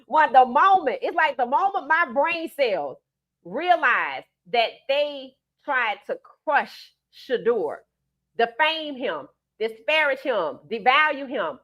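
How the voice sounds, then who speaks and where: A woman with a New Orleans accent hosting a live stream, giving emphatic, animated commentary and reading out viewer comments. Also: fairly high pitch.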